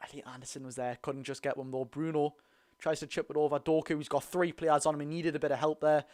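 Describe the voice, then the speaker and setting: A man's voice: on the high side, a little fast, a little mellow. A man with a Geordie accent giving blunt, chatty live commentary on a football match while thanking viewers in between. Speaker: football watch-along streamer. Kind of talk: live watch-along commentary and chat.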